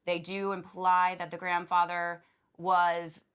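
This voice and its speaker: A woman's voice: fairly low pitch, completely flat delivery, takes it slowly, a bit bright, clean tone. A woman co-hosting a podcast, talking casually and retelling what she watched. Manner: chatty, retelling scenes in quoted voices. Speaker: podcast co-host. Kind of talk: casual chat.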